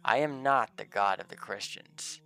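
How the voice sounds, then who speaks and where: A man's voice: lowish voice, moderate pace, creaky, bright, forceful tone. A man voicing a fearless male martyr saint, reading his commands in solemn archaic English. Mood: commanding.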